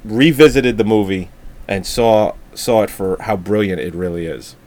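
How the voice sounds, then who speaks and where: He has a darkish voice on the low side and talks at a normal speed. Co-hosting a casual movie review podcast, he rambles through long stories with plenty of laughter and profanity.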